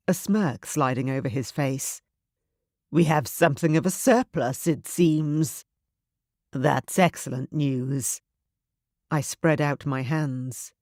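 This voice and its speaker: A narrator reading a scripted audiobook in an even, measured first-person storytelling manner. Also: medium pitch, dry recording, clean studio sound.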